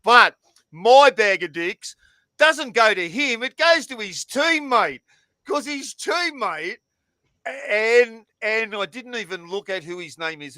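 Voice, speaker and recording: A man, co-hosting a casual podcast chat with sweary, animated banter. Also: high voice, dry recording. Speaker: co-host.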